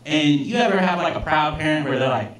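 A man's voice: on the high side, lively intonation, quick pace, a bit bright. A man doing a stand-up comedy set on a club stage, telling stories in a casual, profane, self-mocking way. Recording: roomy club sound from a distance, audience laughter.

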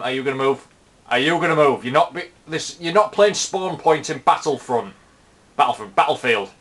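A man's voice: medium pitch, pushed and bright. A man casually commentating his own gameplay, chatty and sweary, talking to the enemy players on screen. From Britain. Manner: chatty, sweary, talks to enemies. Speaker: gaming commentator.

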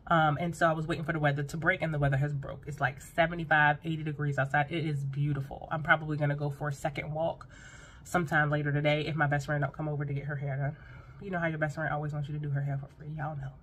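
A woman talking straight to her viewers in a loose, animated vlog, with lots of quick asides. Her voice is bright and forceful. There is a faint hiss of noise behind her. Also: sits low. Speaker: vlogger. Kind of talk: casual vlog chat.

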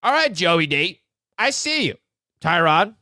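Young male streamer, high voice, dry close sound, hyped and rambling to his chat. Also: sing-song, a little slow, bright, forceful tone, no echo. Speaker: live stream host. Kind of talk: excited live-stream sports reaction.

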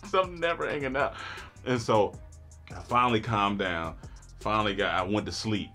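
A man with a low but bright, punchy voice tells a comic story, jumping into each character's lines and laughing as he goes. Faint music plays quietly behind him. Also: moderate pace. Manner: animated, acts out quotes, laughs often. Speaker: storyteller guest. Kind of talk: comedic storytelling.

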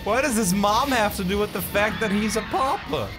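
A man's voice: high-pitched, moderate pace, over music. A man watching a friend play and teasing him with wisecracks. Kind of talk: let's-play commentary.

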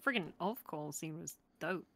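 A woman's voice: sits low, lively intonation, moderate pace, creaky. A woman game master chatting casually after a session, laughing often and rattling off playful lists. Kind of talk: casual post-session chat. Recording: faint music behind the voice.

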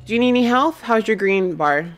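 A woman's voice: a little high, expressive, fairly quick. A woman playing a horror game with friends, brash and teasing, trash-talking as she plays. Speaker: co-player. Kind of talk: casual gaming chat with friends.

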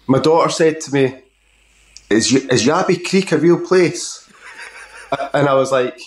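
A man hosts a relaxed interview, nudging his guest along with brief, friendly replies. His voice sits a little high, and the recording carries a noticeable room echo. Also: unhurried. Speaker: talk show host. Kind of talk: casual interview chat. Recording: echoey room sound.

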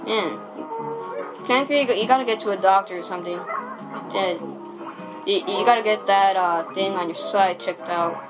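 A man's voice: high-pitched, poor audio. A young man giving casual, rambling commentary as he plays a video game, repeating himself and cursing mildly when things go wrong. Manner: chatty, rambling, restarts often, quick mild cursing. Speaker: let's play gamer. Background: game music.

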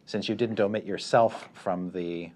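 A man running a tabletop game as dungeon master, narrating scenes vividly and calling for rolls in a steady way. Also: on the low side, unhurried, slight background noise. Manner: descriptive, steady game narration with rules calls.

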